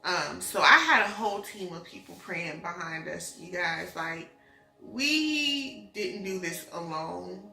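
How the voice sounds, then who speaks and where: A woman's voice: on the low side, animated, slow pace, vocal fry, pushed and bright. A young woman emotionally retelling her pregnancy story in a casual vlog, acting out the dialogue as she goes. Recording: echoey room with faint music.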